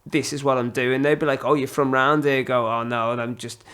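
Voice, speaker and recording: A man's voice: medium pitch, steady tone, brisk, fairly bright tone, clear, resonant tone. A man telling travel stories as a podcast guest, rambling with lots of fillers and acting out the people he met. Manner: rambling, full of fillers, acts out quoted voices. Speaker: long-distance runner guest. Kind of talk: casual podcast storytelling.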